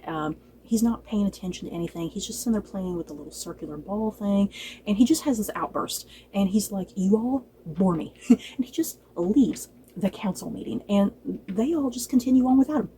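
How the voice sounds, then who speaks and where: A woman casually reviewing a TV episode, chatty and animated, laughing often and acting out lines from the show. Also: mid-range voice, fairly quick, slight background noise, low-quality recording. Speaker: book and TV reviewer.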